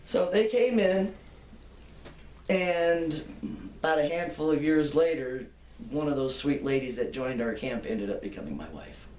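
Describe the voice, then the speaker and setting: A woman's voice: sits low, expressive, unhurried, darkish tone, distant mic. An older woman being interviewed, telling long anecdotes in a chatty, laughing way. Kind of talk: reminiscing storytelling. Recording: echoey room, off-mic.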